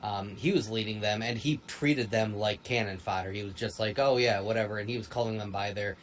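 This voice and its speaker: A man's voice: on the low side, rough recording. Chatty man with faint hum behind. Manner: rambling, animated, quick asides. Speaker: podcast co-host. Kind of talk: casual fan review chat.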